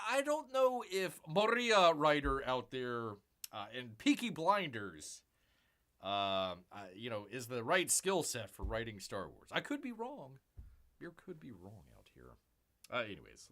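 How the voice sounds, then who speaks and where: Male stream host, upbeat and sharp-toned, chatty news commentary full of fillers. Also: a little high. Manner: rambling, many fillers, sarcastic asides. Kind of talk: casual pop-culture news commentary on a livestream.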